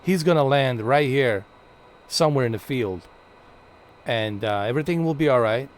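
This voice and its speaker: A man's voice: mid-range voice, moderate pace. A young man casually commenting on his own live gameplay stream, joking, swearing and narrating in a mock-dramatic way.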